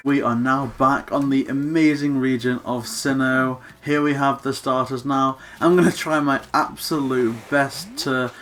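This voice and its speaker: A man's voice: mid-range voice, steady tone, measured pace, hardly any pauses, a bit bright, soft background music. Gushing man touring a game island. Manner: gushing, gasping, breathless exclamations. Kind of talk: excited gameplay commentary.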